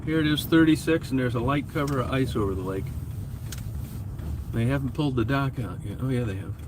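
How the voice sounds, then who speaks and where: A man's voice: medium pitch, a little fast. A man vlogging casually while he drives his van, rambling and chatting to his dog and his viewers. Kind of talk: casual vlog while driving. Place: inside a van on a road trip. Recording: car noise under the voice. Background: car and road noise.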